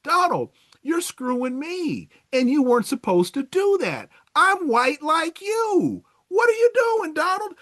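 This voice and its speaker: A man voicing an aggrieved middle-aged rural voter who rants and pleads indignantly in a raised, swinging pitch. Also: sing-song, unhurried, few pauses, a bit bright, dry recording, clean studio sound, exaggerated voice.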